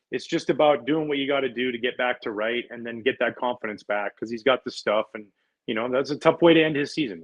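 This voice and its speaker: A middle-aged Canadian man, once a pitcher, talks as a guest on a sports show. He tells his stories in an animated, chatty way, laughing often and restarting his words as he goes. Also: lo-fi sound. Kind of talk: casual interview chat, storytelling.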